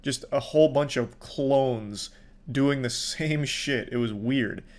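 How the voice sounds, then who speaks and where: A young man giving sardonic reaction commentary in a deadpan way, swearing a lot. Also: medium pitch, takes it slowly. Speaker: commentary YouTuber.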